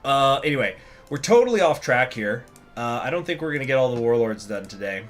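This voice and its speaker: A gaming channel host with a medium-pitched voice that swings widely talks fairly quickly over soft background music. Hosting a strategy game video, he chats casually and ramblingly, cracking jokes, using plenty of fillers, and reading event text aloud.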